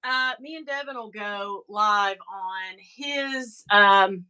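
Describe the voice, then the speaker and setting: A woman's voice: mid-range voice, slow, pushed and bright, clean tone. A middle-aged woman chatting casually on her livestream, rambling and exasperated as she talks to her viewers. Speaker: livestream host.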